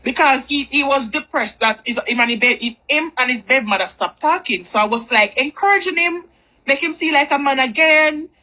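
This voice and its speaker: A woman's voice: sits high, expressive, moderate pace, bright, forceful tone, poor audio. A woman telling a personal story in a candid, rambling, chatty way. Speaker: vlogger. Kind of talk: storytime monologue.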